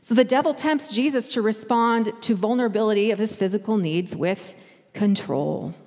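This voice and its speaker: A woman's voice: medium pitch, moderate pace, darkish tone, in a large hall. A woman pastor delivering a sermon in a conversational way, acting out the voices she quotes.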